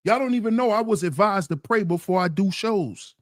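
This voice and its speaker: A man's voice: sits high, animated, fairly quick, no echo, clean studio sound. A man hosting a livestream, reading chat comments aloud and answering them in an emphatic, mocking way that repeats phrases.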